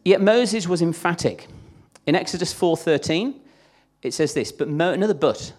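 A man's voice: fairly high pitch, animated, measured pace, darkish tone. A man preaching a sermon in a chatty, conversational way, acting out the voices he quotes.

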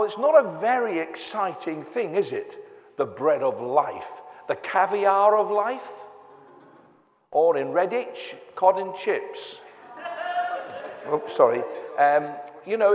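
An older man preaching a sermon in a church, conversational and joking as he goes, from England. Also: a little high. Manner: conversational with humorous asides. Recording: reverberant church hall.

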